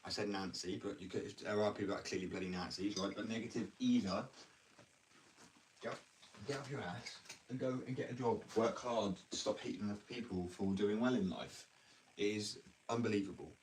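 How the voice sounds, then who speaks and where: This live streamer, a young man from England, delivers a blunt, meandering, slang-heavy rant on a relaxed stream. He talks briskly in a lowish voice with fairly even intonation, captured by a far-off mic with a little background noise.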